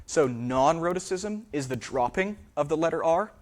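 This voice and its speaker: A man's voice: on the high side, lively intonation, normal speed. A man giving a public lecture in a theater, hesitant and full of fillers, often checking in with the audience. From New England. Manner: hesitant, many fillers, frequent "right?" checks.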